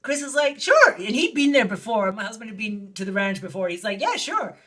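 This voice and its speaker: A woman filmmaker telling an anecdote in an interview, animated and acting out the voices of the people she quotes. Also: brisk. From lived in Barcelona. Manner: animated, acts out quoted voices with big pitch jumps. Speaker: guest filmmaker. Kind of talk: storytelling in an interview.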